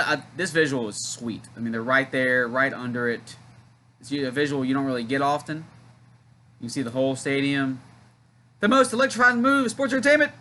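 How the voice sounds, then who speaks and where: Bright, excitable man calling wrestling. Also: mid-range voice, slight background noise. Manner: loud counting and shouting during big moments, chatty asides. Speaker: host of a wrestling watchalong. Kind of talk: excited live play-by-play commentary.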